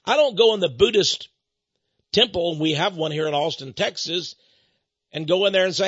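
An older man hosting a radio show, talking in a preachy monologue that swings between hushed asides and emphatic declarations, with frequent chuckles. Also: sits high, lively intonation, moderate pace, breathy edge, no room sound. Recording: dull lo-fi radio broadcast.

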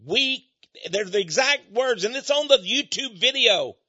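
A man's voice: extremely high pitch, animated, unhurried, bright, forceful tone, dry recording. A man preaching an emphatic, repetitive monologue that speaks directly to his listeners. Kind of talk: radio-style sermon monologue. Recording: dull, muffled dry recording.

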